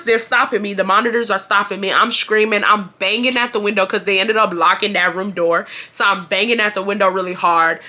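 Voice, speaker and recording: Bright-voiced woman in her twenties. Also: mid-range voice. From Houston, Texas. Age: 20s. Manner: animated and profane, acting out shouted quotes. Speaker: vlogger. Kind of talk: casual storytime.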